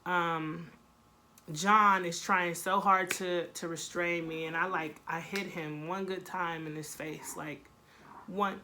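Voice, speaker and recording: A young woman with a bright, forceful voice tells a story to her camera in a casual, blunt way. She swears freely, talks in an animated way, and acts out the lines of the people in her story. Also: on the low side, slow pace, a little hiss or hum. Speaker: vlogger.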